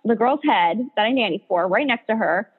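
A woman's voice: medium pitch, lively intonation, fairly quick, slightly rough. A young woman hosting a podcast, telling stories in casual chat and leaning heavily on "like". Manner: chatty storyteller, heavy "like" filler. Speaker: podcast host. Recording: tinny phone-like line.

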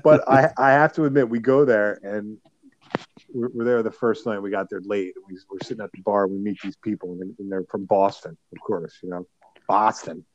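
A man's voice: lowish voice, fairly even intonation, normal speed, dull audio. A man on a casual podcast, rambling through a travel story and laughing as he goes. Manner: rambling, laughing, mimics voices in anecdotes. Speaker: podcast co-host.

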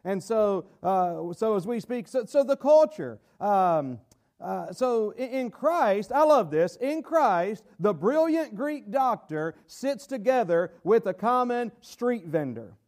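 A man's voice: high voice, big pitch swings, slow, darkish tone. A man with a Southern American accent preaching a sermon, folksy and digressive, breaking into emphatic bursts. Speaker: pastor.

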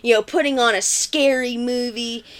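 A woman's voice: fairly high pitch, steady tone, moderate pace, clean tone. A woman co-hosting a podcast, casually recapping a film's plot in a chatty way with lots of filler words. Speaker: podcast co-host.

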